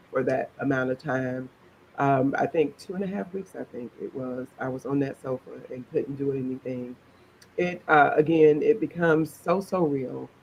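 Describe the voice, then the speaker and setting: A woman's voice: sits low, lo-fi sound, a little hiss or hum. A middle-aged woman, telling her own story in a chatty interview and laughing as she goes. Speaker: interview guest.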